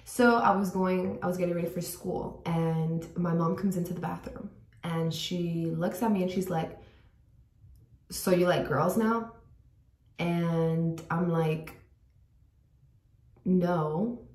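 A woman's voice: on the low side, steady tone, slow, darkish tone, far from the mic. A young woman telling a personal story to her viewers in casual chat, full of "like" fillers and sometimes dropping to a whisper, recorded in a bathroom at home. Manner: chatty, many "like" fillers, drops to a whisper at times. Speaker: vlogger. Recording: echoey room, voice a bit off-mic.

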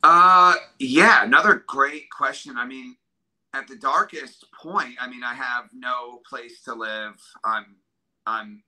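A middle-aged man from New York State, talking in an interview about hard times in an earnest, halting way that keeps getting emotional. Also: medium pitch, sharp tone, poor audio. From New York State, USA. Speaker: drummer and guest.

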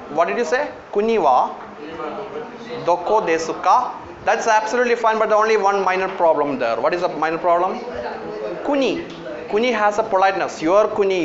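A man's voice: high voice, normal speed, crowd noise. A man with an Indian English accent giving a classroom lecture on Japanese, coaxing students with lots of fillers and calling on them by name. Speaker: university lecturer teaching Japanese. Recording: echoey lo-fi classroom recording.

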